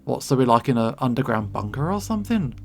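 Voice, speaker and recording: A man voicing a scared, jittery young male beast-man who stammers in panic, with soft music behind. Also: medium pitch, very animated, fast talker, vocal fry. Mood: panicky.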